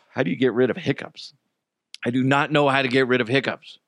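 With a creaky, mid-range voice and a fairly quick delivery, a middle-aged man hosts a casual solo podcast. He hiccups while telling crude jokes and animated stories, and the studio-quality audio has no echo.

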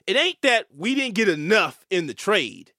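A man's voice: high-pitched, moderate pace, no echo, studio quality. A male host, talking emphatically and swearing as he delivers opinionated commentary. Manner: animated, emphatic, swearing, with fillers and repeats.

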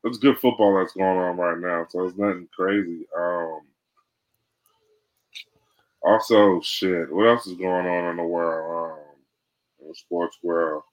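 A man's voice: sits low, fairly even intonation, measured pace, pauses often, dull audio. A man co-hosting a casual sports podcast, teasing his partner in easygoing, profane banter. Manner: laid-back, teasing banter. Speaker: podcast co-host.

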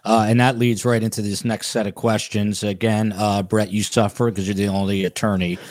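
A man's voice: fairly low pitch, flat delivery, normal speed, darkish tone, dry recording, clean studio sound. A man with a New Jersey accent hosting a podcast panel, loose and jokey, with many fillers. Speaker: podcast host.

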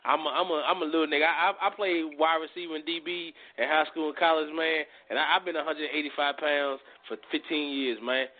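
A man calling into a sports talk show, hyped and jumping in with repeated calls for attention. His voice is a bit high and thin, as if heard through a phone line. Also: a little fast, hardly any pauses, no room sound. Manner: excited, talks over others, repeats "hey". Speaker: caller, regular guest. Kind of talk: casual sports banter.

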